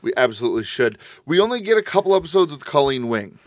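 A man's voice: mid-range voice, sing-song, fast talker, no echo. Guy hosting a podcast, lots of ums and restarts, dry close sound. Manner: hesitant, many ums and restarts. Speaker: podcast host. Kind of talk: casual podcast chat.

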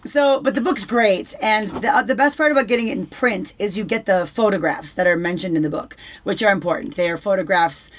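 Young woman, casual podcast co-host, mid-pitched, swears a lot, stumbles and repeats words. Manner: swears freely, fast restarts and repetitions. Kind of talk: casual chat.

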